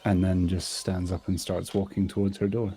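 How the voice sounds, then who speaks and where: A man's voice: low voice, little pitch movement, moderate pace, warm tone. A man in a tabletop game who narrates his character's actions and pleads earnestly in character. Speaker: player.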